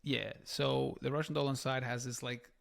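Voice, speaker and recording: Guy w a gravelly voice rambling thru a podcast recap, loads of likes and ums. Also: medium pitch, little pitch movement, moderate pace. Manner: rambling, filler-heavy recap. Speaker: podcast co-host. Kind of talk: casual review chat.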